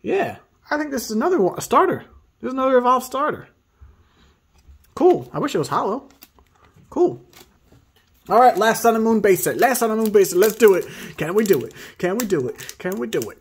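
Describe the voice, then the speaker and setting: A man hosting a casual pack-opening video, excitably reading card names aloud and hyping himself up. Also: high voice, brisk, pauses often, husky. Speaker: host opening card packs.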